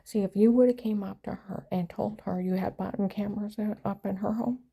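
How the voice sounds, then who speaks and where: A woman's voice: mid-range voice, level tone, moderate pace, vocal fry, few pauses, mellow, breathy edge, rough recording. An older woman rambling through an aggrieved story in a casual monologue.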